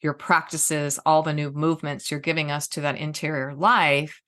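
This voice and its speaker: A woman hosting a faith podcast, talking in a soft, meditative way and reading affirmations slowly with long pauses. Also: low voice, fairly even intonation. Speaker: podcast host. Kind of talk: reflective podcast conversation and guided affirmation reading.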